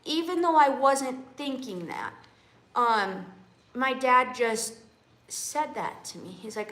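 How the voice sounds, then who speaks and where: A woman chats through a story on her livestream, often pausing to check in with her viewers. Her voice sits a bit high and bright, and there is a roomy echo around her. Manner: chatty, keeps checking in with viewers ("okay?", "you guys"). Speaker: livestream host. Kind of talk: casual storytelling to a live audience.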